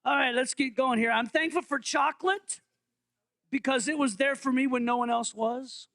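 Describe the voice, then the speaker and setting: A man's voice: extremely high pitch, fairly even intonation, normal speed, pushed and bright. A male pastor giving a playful, interactive sermon in a church, quizzing the congregation. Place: church sanctuary.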